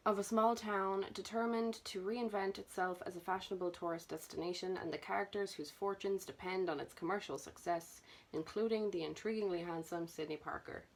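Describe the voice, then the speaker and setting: A woman's voice: mid-range voice, fairly even intonation, brisk. A young woman chatting nervously and self-consciously through her book collection for a vlog. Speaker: booktuber. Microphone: camera mic.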